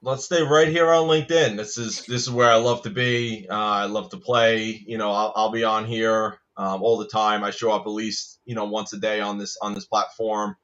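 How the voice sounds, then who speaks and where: A man's voice: on the low side, little pitch movement, moderate pace, hardly any pauses, fairly bright tone, highs cut off. A man with a New Jersey accent, a guest in a casual chat, friendly and talkative, laughing easily.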